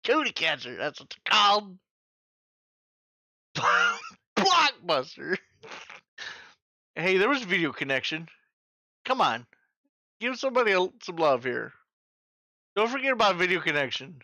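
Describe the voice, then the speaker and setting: A man's voice: high voice, very animated, measured pace, pauses often, bright, forceful tone, no echo. A man in his forties hosting a trivia night in casual chat, joking, swearing freely and making sound-effect noises. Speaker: trivia host.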